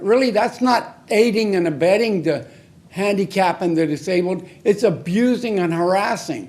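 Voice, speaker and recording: A man with a notably high voice for a man delivers public comment at a city council podium. He talks in an angry, confrontational way, hammering the council with short, blunt, repeated phrases. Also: moderate pace, a little mellow. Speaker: member of the public giving comment.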